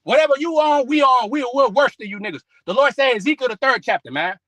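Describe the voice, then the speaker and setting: A man with a very high, piercing voice scolds his listeners in a profane religious rant, mixing street talk with quoted scripture. His tone stays bright and edgy, and the recording is dry and close with almost no room sound. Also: expressive, fast talker, dry recording, poor audio. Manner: scolding, peppered with "man" and "bro"; quotes scripture between outbursts. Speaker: online religious preacher.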